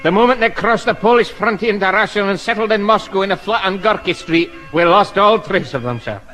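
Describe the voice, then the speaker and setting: A man playing a dour Scottish police inspector in a 1950s radio comedy, reporting gravely and growling 'arr' noises. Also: sits high, fairly quick, sharp tone, faint music behind.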